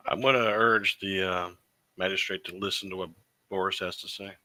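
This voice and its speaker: A man's voice: deep voice, fairly even intonation, normal speed, pushed and bright, dry recording, low-quality recording. A man playing in a tabletop game, blunt and laid-back. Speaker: player.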